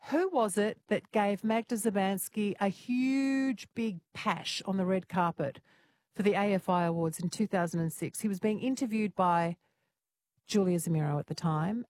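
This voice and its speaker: A woman's voice: lowish voice, darkish tone, dry recording. An Australian woman hosting a talkback radio quiz, playful, teasing and chatty with callers.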